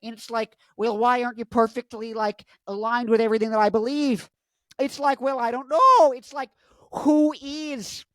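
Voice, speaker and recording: A man's voice: very high voice, steady tone, moderate pace, a bit bright, no echo, clean studio sound, voice pushed up. A man doing a comic impression of a male pundit and lecturer, asking emphatic rhetorical questions in a raised, strained voice.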